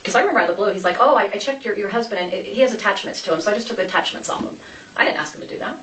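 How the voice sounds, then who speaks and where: Fast-talking woman telling a rambling personal story. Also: mid-range voice, a bit bright. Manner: rambling, full of restarts and quoted dialogue. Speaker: interview guest. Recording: echoey room, from a distance, faint noise.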